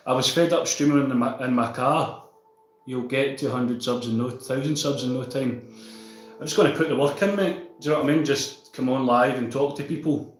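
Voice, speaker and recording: A man's voice: medium pitch, a little fast, roomy sound, soft background music, poor audio. A Scottish man chatting casually with viewers on a livestream, reading out and answering their comments.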